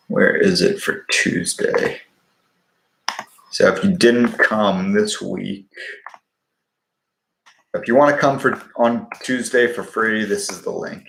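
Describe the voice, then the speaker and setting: A man's voice: sits low, fairly even intonation, slow, creaky, long pauses, echoey room, background noise. A man hosting a live stream, answering viewers' questions in a blunt, profane, wisecracking way. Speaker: livestream host answering viewer questions on stocks. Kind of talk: casual live-stream chat.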